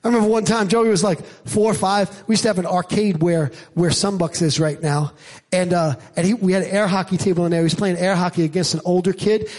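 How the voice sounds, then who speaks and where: A middle-aged man delivers a sermon from the pulpit with a notably high voice. He preaches in an animated way and rises loud and high to drive home his points. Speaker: pastor. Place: church.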